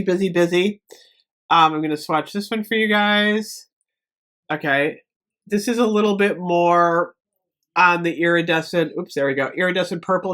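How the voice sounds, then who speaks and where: A woman's voice: mid-range voice, fairly bright tone. A woman in her fifties, a beauty vlogger chatting casually and gushing through a product unboxing at home. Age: 50s. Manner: chatty and gushing, many ums.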